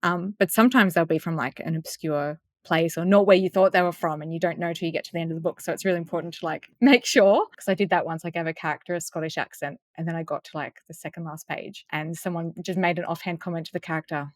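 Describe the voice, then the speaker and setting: A woman who narrates audiobooks, chatting casually in an interview and telling anecdotes with lively swings in her voice. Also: fairly low pitch, fast talker, hardly any pauses, no echo.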